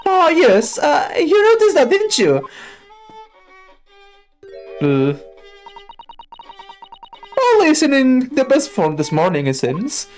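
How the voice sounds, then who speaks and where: A woman voicing a cheerful young girl in a game, bright and chirpy. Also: sits high, wildly swooping pitch, slow pace, long pauses, soft background music, pitched above the performer's own voice, exaggerated voice.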